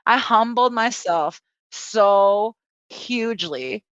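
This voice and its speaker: A woman who is a podcast guest and spiritual healer, telling a personal story with animated, profane energy and acting out quotes. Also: fairly low pitch, moderate pace, no room sound, lo-fi sound.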